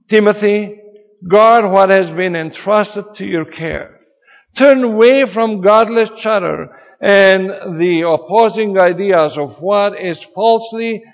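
Male preacher, high voice, slow deliberate sermon; dull recording with long hall reverb. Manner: earnest, emphatic preaching with rising and falling emphasis.

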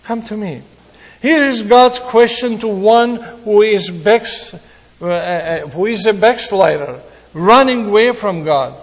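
A man's voice: high voice, animated, takes it slowly. A man preaching a sermon, acting out the quoted speakers with dramatic repetition. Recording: long reverb of a large hall.

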